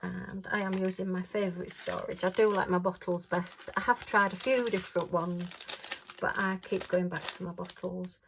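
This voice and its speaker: A crafting vlogger with a Yorkshire accent chats casually to camera while sorting craft supplies at home, giggling and talking to herself. Her voice is fairly low, gravelly, and fairly bright, with fairly even intonation and a moderate pace. The recording is low quality with slight background noise.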